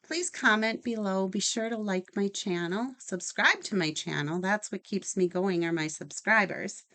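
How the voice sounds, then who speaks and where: A woman's voice: mid-range voice, a little slow, fairly bright tone. A woman hosting a casual card-making tutorial, chatty and enthusiastic as she works. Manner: chatty, enthusiastic, talks while working. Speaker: craft channel host.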